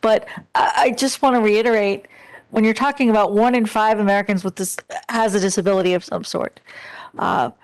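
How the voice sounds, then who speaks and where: A woman's voice: medium pitch, steady tone, a little fast. A woman giving earnest, direct testimony as a disability advocate at a public hearing. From Pennsylvania.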